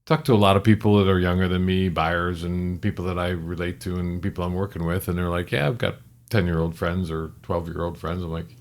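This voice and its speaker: A man's voice: sits low, steady tone, a little fast. A middle-aged man co-hosting a casual chat, rambling and correcting himself, with the odd joke. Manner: rambling, self-correcting, joking. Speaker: podcast co-host.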